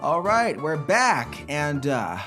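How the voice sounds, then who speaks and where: A man's voice: on the high side, big pitch swings, slow, music in the background. A man co-hosting a history podcast in a playful, teasing, casual way. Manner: playful, mock-exasperated, teasing. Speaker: podcast co-host.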